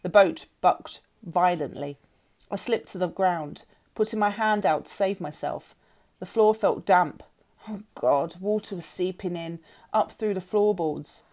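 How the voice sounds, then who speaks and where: A woman's voice: fairly low pitch, measured pace. Woman reading a novel aloud. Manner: expressive storytelling. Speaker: teacher reading to a class.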